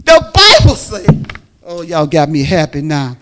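A woman preaching a sermon, fervent and folksy, shouting and repeating her phrases. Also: low voice, wildly swooping pitch, unhurried.

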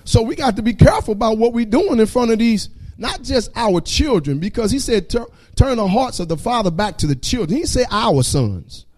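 A man's voice: extremely high pitch, very animated, normal speed, few pauses, a little mellow. A man giving a fervent church testimony with a repetitive preaching cadence.

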